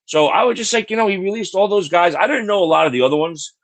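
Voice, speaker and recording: A man's voice: high-pitched, lively intonation, fast talker, no echo. A man co-hosting a podcast, telling a long story in a rambling way, repeating words and swearing freely. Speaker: podcast co-host. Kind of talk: casual chat.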